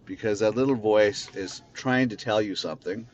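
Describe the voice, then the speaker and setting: A man hosts a podcast from his car, delivering a casual, unscripted monologue in a blunt, rambling way and swearing freely. His voice is on the low side at normal speed. There is a little hiss or hum in the recording.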